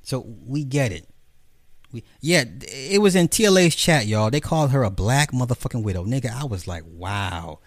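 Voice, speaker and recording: A man delivering a profane, animated commentary rant, mocking the people he talks about. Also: brisk, no echo, studio quality. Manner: profane, animated, mocking, jumps into high mimicking voices. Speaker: commentary host. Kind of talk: ranting commentary monologue.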